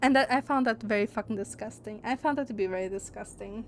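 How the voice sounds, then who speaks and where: Young woman streamer, blunt casual chat, swears a lot, slightly high voice. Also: fast, a little hiss or hum. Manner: candid, opinionated, swears.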